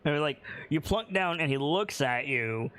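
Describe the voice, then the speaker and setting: A man narrating as game master of a tabletop game, unhurried, with many pauses and restarts. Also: on the high side, expressive, a bit bright, a little hiss or hum.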